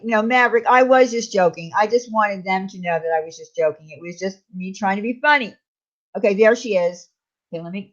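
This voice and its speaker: A woman hosting a casual live stream, chatting with viewers and reading their comments aloud. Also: medium pitch. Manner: chatty, reassuring, talks to chat by name. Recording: slightly dull lo-fi stream audio.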